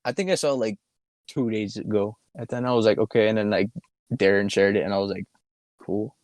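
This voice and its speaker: A man's voice: fairly low pitch, fairly even intonation, a little fast, a little mellow, dry recording. A young man co-hosting a podcast, chatting casually and telling profane, rambling stories with lots of fillers, recorded in a car. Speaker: podcast co-host. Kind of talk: casual chat. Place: inside a car.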